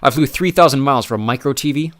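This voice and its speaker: A man voicing a brash, loud, middle-aged American businessman who talks in a pushy, boisterous way. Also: medium pitch, fast talker, pitched above the performer's own voice, close to an everyday voice. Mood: brash, eager. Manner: boisterous, pushy and louder than the narration.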